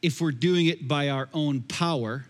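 A man's voice: a little high, unhurried. A man preaching a sermon as pastor, in a conversational style with repeated phrases, recorded in a church sanctuary. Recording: long echoey hall reverb.

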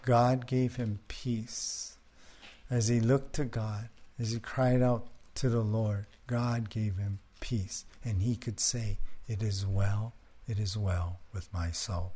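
Pastor, male, slow earnest delivery, prayerful sermon, mid-pitch. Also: a little mellow. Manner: earnest, repetitive rhetorical questions.

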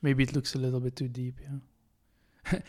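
A man's voice: medium pitch, monotone, unhurried, dark tone. A man, a podcast co-host chatting casually, hesitant with many fillers and restarts. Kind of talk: casual chat.

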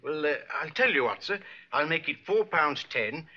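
A man's voice: on the high side, expressive, normal speed, bright, forceful tone. An actor playing a deferential shopkeeper in a 1950s film, politely calling his customer sir. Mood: obliging. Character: obliging male shopkeeper selling to a customer. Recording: dull old film soundtrack.

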